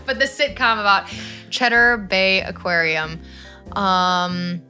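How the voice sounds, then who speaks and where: Giggly woman podcaster, bright sharp voice, faint music under her. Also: medium pitch, slow. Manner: giggly, laughs often. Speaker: podcast co-host. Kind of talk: casual chat.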